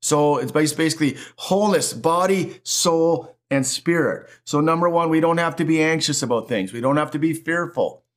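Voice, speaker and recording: A middle-aged man preaching a sermon as pastor, emphatic and animated, with lots of repetition. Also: fairly high pitch, moderate pace, few pauses.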